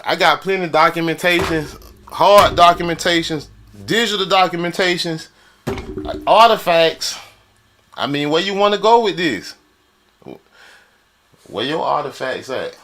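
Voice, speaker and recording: A man's voice: a little high, lively intonation, a little slow, pauses often, noisy background. A man from Florida on a live stream, arguing heatedly and boasting, with repetitive challenges and frequent laughter.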